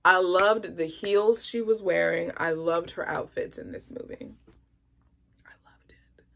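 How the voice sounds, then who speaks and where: Chatty woman reviewing a movie, gravelly. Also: fairly low pitch, measured pace. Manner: chatty and expressive, animated asides. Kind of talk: casual movie review vlog.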